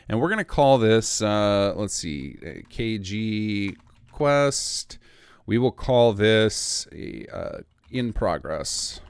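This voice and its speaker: A man talks through a software tutorial in a low, gravelly voice, thinking aloud and correcting himself as he works. The sound is dry and close, with keyboard typing behind him. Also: dry recording. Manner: casual, thinks aloud while clicking, self-correcting. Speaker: modding tutorial instructor. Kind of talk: screen-recorded software tutorial.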